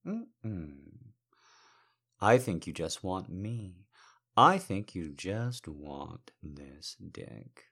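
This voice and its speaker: A man voicing a confident, teasing male lover in an intimate audio role-play, talking slowly and softly in a low murmur. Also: big pitch swings, breathy edge, exaggerated voice. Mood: sultry teasing.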